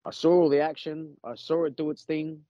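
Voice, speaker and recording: Animated Australian man telling a story. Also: fairly high pitch, fairly quick, no echo. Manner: animated, swears freely, laughs through his story. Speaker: podcast guest. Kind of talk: casual storytelling. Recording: muffled lo-fi, dry.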